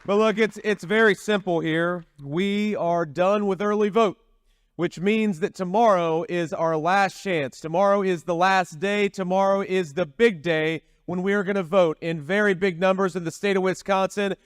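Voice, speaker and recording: A man's voice: high-pitched, fairly even intonation, moderate pace, smooth, no room sound, studio quality. A man giving a campaign rally speech, talking in a folksy, repetitive way with frequent restarts. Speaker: political candidate at a rally.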